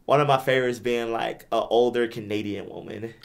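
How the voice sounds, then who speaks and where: Young man, podcast co-host, casual chat, rambling, repeats words, mid-pitched voice. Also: fairly even intonation, a little fast, gravelly, clean tone. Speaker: podcast co-host back from a gaming convention.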